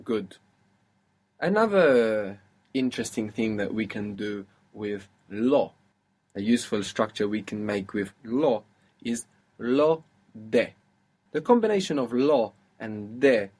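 A man's voice: mid-range voice, animated, slow pace, a little mellow. A man teaching a spoken language lesson, patiently explaining step by step and encouraging his student.

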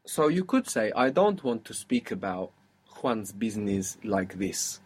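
A man's voice: fairly low pitch, sing-song, a little slow, a little mellow, slightly rough. A man teaching a spoken language lesson, patiently explaining step by step and encouraging his student.

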